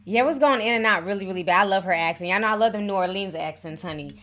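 A woman's voice: medium pitch, rapid-fire, fairly bright tone. A woman hosting a live call-in show, chatty and affectionate with her callers. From Minnesota.

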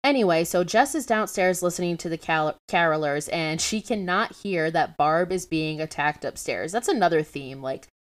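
A young woman with a low voice talks through a movie plot on her podcast. She is casual and animated, swears freely and drops sarcastic asides as she tells the story. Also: normal speed, hardly any pauses. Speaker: podcast host. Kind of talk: casual film recap.

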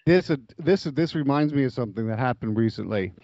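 A man with a mid-range, warm, expressive voice talks fast in a casual chat full of stories. The audio is dull but free of echo. He rambles, restarts often, and laughs at his own jokes.

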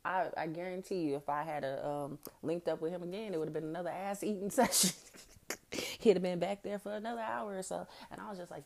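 A woman with a slightly low voice hosts her podcast and tells a story in a candid, casual way. She talks frankly and swears freely. She laughs often and acts out what others said. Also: steady tone, fast talker, vocal fry, darkish tone, a little hiss or hum. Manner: frank and profane, laughing often, acting out quotes. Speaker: podcast host.

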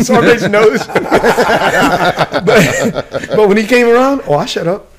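A man's voice: high voice, moderate pace, crowd noise. A man telling a war story in casual chat, full of slang and swearing and breaking into laughs. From United States. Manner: profane, laughing, slangy with dude and bro. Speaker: guest, retired Army warrant officer.

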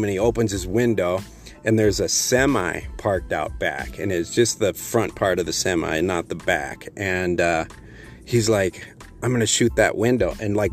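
Deep-voiced man telling a rambling story. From Texas. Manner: rambling, profane, many fillers and restarts. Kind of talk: casual spoken storytelling.

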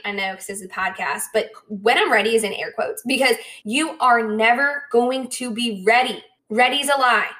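A young woman hosting a podcast, talking casually and directly to her listeners with lots of "like" and "right?" and quick acted-out asides. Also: fairly high pitch. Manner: chatty, frequent "like" and "right?", animated quoted asides. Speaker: podcast host.

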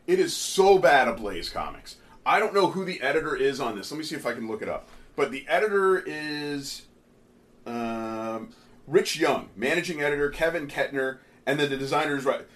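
A man hosting a casual comic review chat, ranting in an animated, exasperated way. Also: fairly high pitch, moderate pace. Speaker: comic book podcast host.

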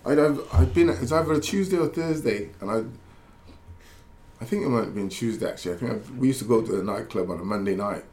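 A man, a former footballer, chatting casually as a pundit and telling animated stories with many restarts. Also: medium pitch, quick pace, reverberant. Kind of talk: casual chat, storytelling.

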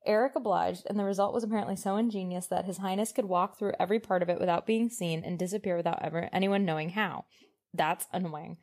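A woman's voice: fairly low pitch, steady tone, darkish tone. A woman co-hosting a podcast who reads passages from a novel aloud and breaks off to joke and laugh. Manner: joking, laughs often, pauses on fillers. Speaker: podcast co-host. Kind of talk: casual chat mixed with reading aloud from a novel.

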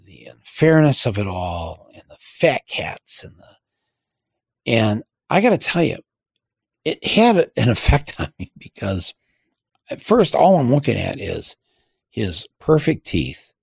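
Slow, gravelly man telling a wry story. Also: on the low side, no room sound, clean studio sound. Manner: rambling, frequent fillers and restarts, wry. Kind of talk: storytelling anecdote to an audience.

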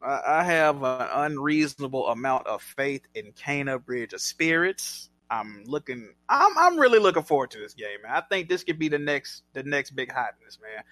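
A man co-hosting a casual gaming podcast, excitable and joking, swearing freely. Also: medium pitch, moderate pace, few pauses, no room sound. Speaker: podcast co-host.

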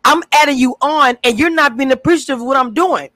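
A woman gives blunt, emphatic opinions in a casual panel discussion. Her voice sits at a middle pitch and sounds close and dry. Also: fast talker, sharp tone, dry recording, rough recording. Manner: emphatic, blunt, agreeing often. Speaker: review panelist.

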